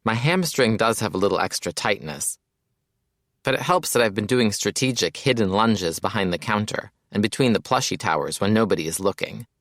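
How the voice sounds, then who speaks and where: Wry male audiobook narrator, low and dry. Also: expressive, fairly quick, fairly bright tone, dry recording. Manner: casual, wry storytelling. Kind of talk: first-person audiobook narration.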